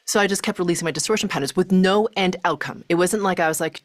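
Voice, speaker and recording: Middle-aged woman guest, low voice, animated storyteller who acts out her inner thoughts; dry close sound. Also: quick pace, hardly any pauses, dry recording. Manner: animated, acts out her own thoughts, many filler likes. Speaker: podcast guest. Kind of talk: personal storytelling in conversation.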